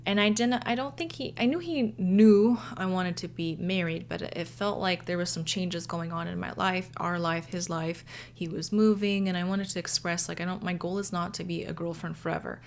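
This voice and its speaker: A woman's voice: on the low side, normal speed, gravelly, few pauses, slight background noise. Woman, relationship coach, earnest confessional advice talk to camera. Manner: earnest, personal storytelling with soft asides.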